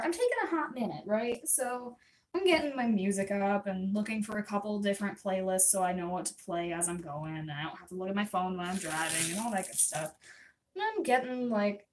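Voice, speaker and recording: A young adult woman livestreamer telling a story to her chat in a rambling, chatty way, full of quick asides. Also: mid-range voice, a little hiss or hum. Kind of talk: casual storytelling to live chat. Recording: voice a bit distant from the mic.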